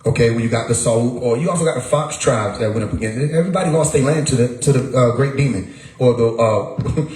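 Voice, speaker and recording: A man's voice: mid-range voice, a little fast, a little mellow. Emphatic man talking in an echoey room. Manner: emphatic, repeats words, rhetorical questions. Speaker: livestream host. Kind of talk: casual livestream monologue.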